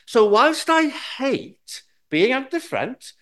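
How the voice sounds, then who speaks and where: A male preacher with a high, very lively voice teaches at an unhurried pace. He works through a Bible verse with earnest reassurance and poses rhetorical questions to his listeners. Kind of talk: sermon.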